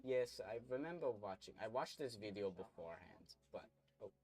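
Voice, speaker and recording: Low-voiced young man chatting while gaming. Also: lively intonation, moderate pace, darkish tone. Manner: rambling, chatty, reads chat aloud while playing. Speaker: streamer. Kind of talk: casual gameplay stream chatter.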